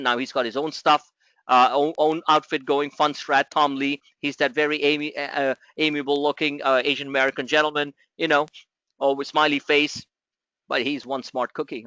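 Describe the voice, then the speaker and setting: Animated high-voiced trading coach, man. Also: no echo, highs cut off. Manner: animated, rambling explanations with filler and restarts. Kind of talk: market coaching session.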